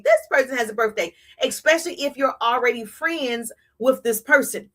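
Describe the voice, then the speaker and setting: A woman giving an energetic, repetitive live-stream coaching talk on social media business, chatting with her viewers. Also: on the high side, normal speed, hardly any pauses. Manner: energetic, repetitive, playful hype.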